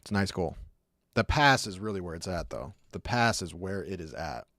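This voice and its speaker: A young streamer with a low-sitting, somewhat bright voice gives loose commentary on hockey clips at a moderate pace, his intonation lively. He rambles, uses lots of fillers, and mimics sounds, in a dry studio-quality recording.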